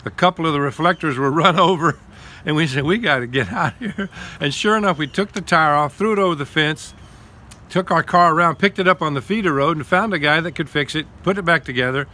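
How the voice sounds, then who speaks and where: An older man casually telling a missionary travel story outdoors in the cold while his wife films him on a phone, folksy and quick to laugh. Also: on the high side, pushed and bright. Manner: chatty, folksy, laughs often. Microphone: phone camera held by his wife.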